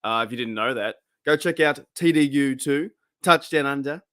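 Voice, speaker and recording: A man's voice: medium pitch, moderate pace, fairly bright tone. A young Australian man hosting a casual fan podcast, chatty and slangy, laughing at himself as he talks into his camera. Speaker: podcast host. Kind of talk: casual chat. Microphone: webcam.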